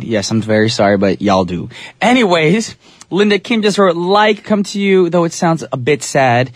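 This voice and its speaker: A man's voice: on the high side, no echo. A man in his thirties hosting a live radio show in a studio, chatting in an upbeat, playful way with casual slang. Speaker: radio DJ host. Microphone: studio microphone.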